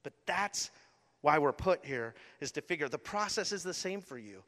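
Male pastor, middle-aged, slightly high voice; chatty, animated sermon storytelling. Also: moderate pace. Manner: animated storytelling with many "like" fillers. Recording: long hall reverb.

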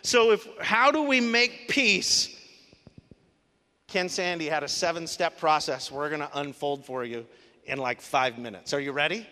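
A man preaching a sermon to a congregation, animated and emphatic, asking rhetorical questions. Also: on the high side, measured pace. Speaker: pastor. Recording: long reverb of a large hall.

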